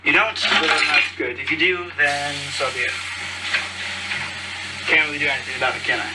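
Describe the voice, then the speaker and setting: A man's voice: on the high side, fairly quick, distant mic, heavy background noise. A cheerful, chatty man hosting a podcast, rambling casually and losing his train of thought, recorded on a phone. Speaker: podcast host. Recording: phone recording with loud clattering dishes. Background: clattering cutlery, dishes and pots.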